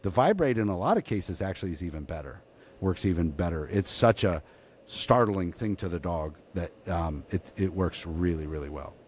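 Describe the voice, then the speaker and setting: Low-voiced dog trainer guest. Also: male voice, moderate pace, husky. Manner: animated, profane, practical. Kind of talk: casual podcast interview.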